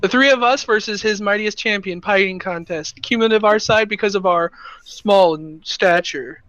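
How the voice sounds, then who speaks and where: Male player, sharp tone, chatty with many pauses and fillers; dry, lo-fi recording. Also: high-pitched, no room sound. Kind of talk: casual tabletop game play. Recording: dull, dry, lo-fi mic.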